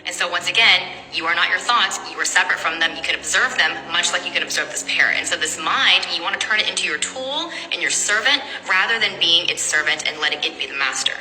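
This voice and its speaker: A woman's voice: fairly low pitch, expressive, fast talker, few pauses. A woman giving an emphatic, direct motivational speech. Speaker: motivational speaker. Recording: reverberant hall, soft music.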